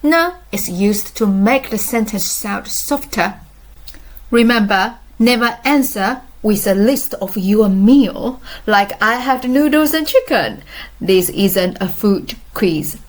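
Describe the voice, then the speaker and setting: A woman's voice: mid-range voice, takes it slowly. A woman teaching a scripted beginner language lesson, patiently drilling each phrase with repeats.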